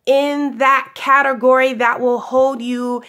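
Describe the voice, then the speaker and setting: A young woman with a high, bright voice talks warmly and chattily through a daily spiritual pep talk. Her voice is still a little hoarse as it recovers, and she laughs often, calling her listeners "honey." Casual and affectionate throughout. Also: little pitch movement, takes it slowly. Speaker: spiritual guidance vlogger.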